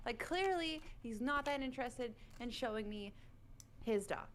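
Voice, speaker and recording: A woman in the military, telling a long, animated story in casual chat over online voice chat. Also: fairly high pitch, moderate pace. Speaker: military service member. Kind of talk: casual chat on a game stream.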